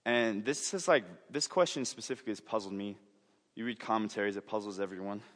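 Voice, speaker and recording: A man's voice: lowish voice, quick pace, fairly bright tone. A young man preaching a sermon in an earnest, conversational way, often restarting his sentences and making asides. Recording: reverberant hall.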